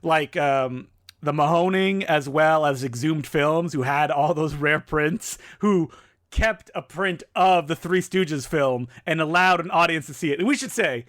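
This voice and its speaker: A man's voice: fairly high pitch, unhurried, fairly bright tone, dry recording, clean studio sound. A man co-hosting a film podcast in casual chat, giggly and chatty, laughing through his sentences. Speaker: podcast co-host.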